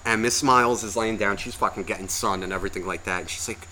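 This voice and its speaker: A man's voice: fairly low pitch, steady tone, quick pace, pushed and bright, slight background noise. A man co-hosting a podcast, telling a long story in a profane, exasperated, ranting way. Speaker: podcast co-host.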